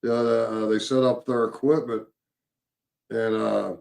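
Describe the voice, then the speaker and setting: A man, casually recounting a paranormal investigation, halting with many fillers and repeated words. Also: on the low side, little pitch movement, gravelly, darkish tone. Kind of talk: casual storytelling chat.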